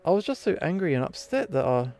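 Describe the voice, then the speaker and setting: A man's voice: sits high, big pitch swings, quick pace, gravelly, dark tone, soft background music, pitched above the performer's own voice, full character voice. A man voicing a touchy young female reindeer girl in a game reading, who swings between indignant and tearful. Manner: indignant, then tearful and babbling.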